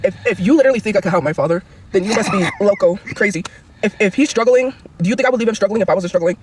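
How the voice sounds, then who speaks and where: A woman's voice: mid-range voice, very fast, background noise. A woman livestreamer ranting angrily and profanely, rambling from one grievance to the next.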